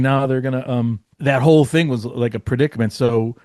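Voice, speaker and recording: Male guest storyteller, mid-pitched, loose and rambling, curses freely, dry close mic. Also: fairly quick, darkish tone, no echo. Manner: rambling, profane, lots of fillers. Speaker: podcast guest, former comedy writer. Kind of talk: casual storytelling.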